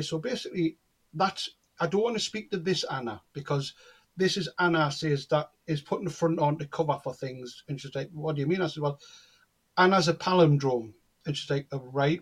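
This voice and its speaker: A man's voice: fairly high pitch, breathy edge. A man, telling anecdotes in casual chat and acting out the dialogue in them. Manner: animated storyteller, acts out quoted dialogue. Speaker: guest, cold reader.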